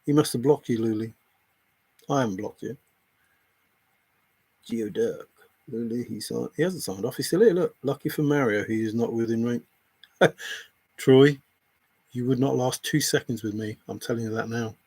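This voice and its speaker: Husky-voiced male streamer, heated and confrontational, repeats himself, swears freely. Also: medium pitch, normal speed, long pauses, a little mellow, no room sound. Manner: angry, repetitive, confrontational, swears a lot. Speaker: livestreamer answering chat. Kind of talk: heated rant at a viewer.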